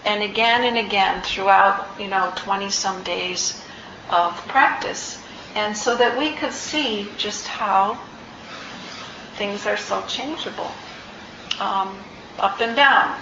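A woman meditation teacher giving an unhurried, reflective dharma talk, gently searching for her words. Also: mid-range voice, creaky, roomy sound, lo-fi sound, slight background noise. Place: meditation hall.

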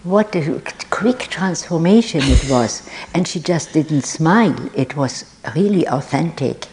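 An older woman, teaching at a meditation retreat, speaking in slow, halting phrases. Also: low-pitched, expressive, a little mellow. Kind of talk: retreat talk.

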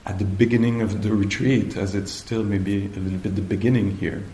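A man giving a dharma talk at a meditation retreat, slow and hesitant, often pausing to search for the right words. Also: fairly low pitch, level tone, dark tone, slight background noise. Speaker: meditation teacher. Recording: echoey room, faint ambience.

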